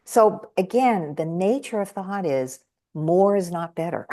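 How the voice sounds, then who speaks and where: A woman guest telling stories in conversation, animatedly acting out the voices of the people she quotes. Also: measured pace. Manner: animated, acts out quoted voices with big jumps in pitch. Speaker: guest speaker and trainer. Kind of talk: conversational storytelling.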